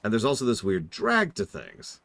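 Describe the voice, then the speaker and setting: A man's voice: lowish voice, huge pitch swings, moderate pace, creaky, fairly bright tone, no room sound. A man streaming and reviewing a game in casual, wry, self-deprecating commentary.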